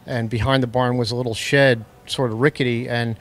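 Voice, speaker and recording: A man's voice: mid-range voice, brisk. A man being interviewed about his classic car, speaking in an ordinary mid-range voice. He tells his stories steadily and plainly, outdoors at a car show. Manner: relaxed, matter-of-fact storyteller. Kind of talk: interview guest storytelling.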